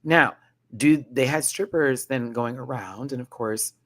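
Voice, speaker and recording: A young man telling a vlog storytime, dramatic and full of slang, with bursts of high laughter. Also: a little slow, a bit bright. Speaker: vlogger. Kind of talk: animated storytime rant.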